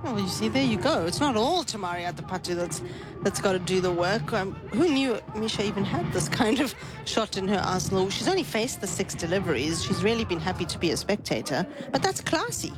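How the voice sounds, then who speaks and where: A woman giving expert cricket analysis, measured and thoughtful, making her points with statistics. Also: mid-range voice, animated, over music. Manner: thoughtful, measured, explains with stats. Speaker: cricket pundit.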